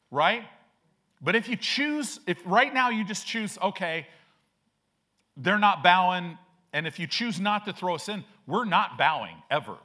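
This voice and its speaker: A man's voice: sits high, animated, measured pace, long pauses, bright, forceful tone. A male pastor preaching a sermon in a conversational, slangy way, acting out quoted characters with a shifting voice. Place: church sanctuary.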